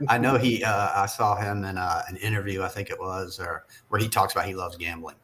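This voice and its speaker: A man's voice: low-pitched, moderate pace, a bit bright, a little hiss or hum. A man with a Southern American accent, telling rambling stories in a casual podcast chat and chuckling often. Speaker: podcast guest.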